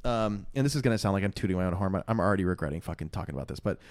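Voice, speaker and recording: A man's voice: low voice, rapid-fire, no room sound. Podcast guy rambling thru a story, lots of likes and ums, laughs a bunch, dry mic. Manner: rambling, animated storytelling with many fillers and laughs. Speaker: podcast co-host. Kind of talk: casual sports podcast chat.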